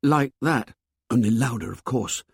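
A man voicing frightened boy twins who plead in hurried, lowered voices, in a storybook reading. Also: vocal fry, breathy edge, no echo, clean studio sound, full character voice. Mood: urgent, fearful.

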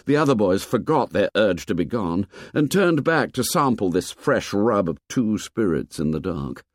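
Brief: male audiobook narrator, low voice, very lively pitch, expressive measured reading. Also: no echo, clean studio sound. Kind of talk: scripted narration.

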